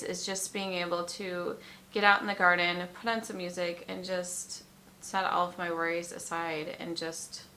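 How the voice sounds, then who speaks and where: Tearful woman with a gravelly, bright voice. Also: fairly low pitch, a little hiss or hum. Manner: emotional, tearful, halting with many ums. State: fighting back tears. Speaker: vlogger. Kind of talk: personal vlog confession.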